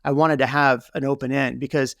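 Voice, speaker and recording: A man's voice: mid-range voice, little pitch movement, a little fast, vocal fry, fairly bright tone, no room sound, studio quality. A man being interviewed as a guest, telling a candid story with lots of "you know" and "right?" fillers. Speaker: real estate team leader, guest.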